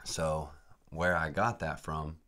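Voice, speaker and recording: A podcast host telling a travel story in a laid-back, rambling way, saying "dude" and "freaking" a lot. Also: male voice, rumbling low, fairly even intonation, slow pace, pushed and bright.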